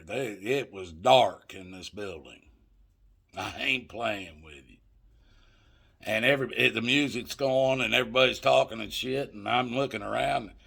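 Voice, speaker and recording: A man's voice: lowish voice, creaky, bright, forceful tone, slightly rough. An older man telling a rambling, profane story straight to his listeners, calling them folks. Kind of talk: casual anecdote told to viewers.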